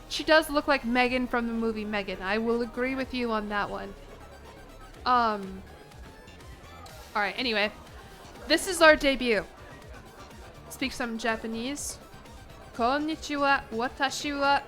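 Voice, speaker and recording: Playful young woman streamer, higher voice. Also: low-quality recording. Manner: playful, joking, self-mocking asides; bursts of animated laughter and pitch jumps. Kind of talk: casual livestream chat while playing a game.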